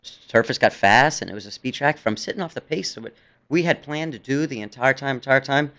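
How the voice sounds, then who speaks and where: A man's voice: medium pitch, fairly quick, a bit bright. Chatty rambling jockey, middle-aged man. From New Jersey. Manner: rambling, chatty, laughs often. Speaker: jockey guest. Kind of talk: casual radio interview.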